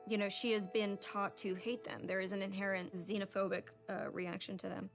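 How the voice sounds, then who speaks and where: Actress talking about her character, pretty flat delivery, music under. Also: medium pitch, brisk. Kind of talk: interview.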